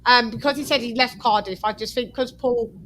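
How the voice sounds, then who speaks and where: A woman's voice: fairly high pitch, fairly quick, a bit bright, a little hiss or hum. A woman from West London with a London accent, hosting a casual talk panel and chatting with lots of restarts and "you know"s. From West London, England. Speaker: host of an online talk panel. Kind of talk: casual chat.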